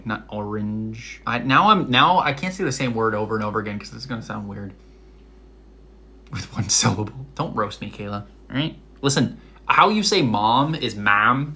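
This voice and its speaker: Young man, Rhode Island accent, chatty live-stream host, bright tone. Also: lowish voice. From Massachusetts. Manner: chatty, many likes and fillers. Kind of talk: casual live stream chat. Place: home kitchen.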